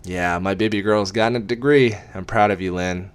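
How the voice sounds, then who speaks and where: Guy doing a quiet middle-aged dad in a story reading, gentle and few words. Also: fairly low pitch, steady tone, normal speed, clear, resonant tone, natural voice. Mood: fond. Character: plain middle-aged father, quiet and proud.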